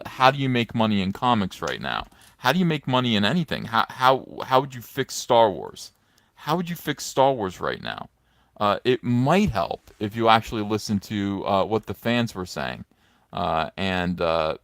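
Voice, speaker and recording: A man's voice: on the low side, a bit bright, no room sound, studio quality. A middle-aged man giving sarcastic, mocking commentary in a rambling way with many fillers, recorded on a phone on a stand. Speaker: comics commentator. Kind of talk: casual commentary vlog.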